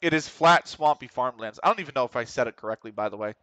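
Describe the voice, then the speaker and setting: An almost middle-aged American man talks casually on a game stream, cursing freely as his team struggles. His voice is bright and crisp, with a smooth, clean tone. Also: medium pitch, lively intonation, fast talker, no echo, highs cut off. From United States. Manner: swears often, frustrated at the match, reads chat. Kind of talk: casual gaming stream chat.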